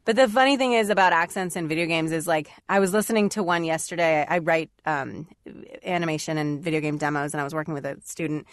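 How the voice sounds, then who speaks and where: A woman's voice: low voice, quick pace, few pauses, dry recording. Chatty woman voice actor, dry close sound. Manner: chatty, many "like"s, laughs often. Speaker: voice actor and demo writer, guest. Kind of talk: casual podcast chat.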